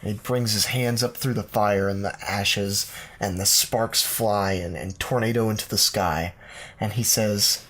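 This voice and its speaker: Low-voiced man spinning a comic tale. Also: fairly even intonation, measured pace, a bit bright. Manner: meandering, full of ums and uhs, playful. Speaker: podcast co-host. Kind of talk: improvised comedic story narration.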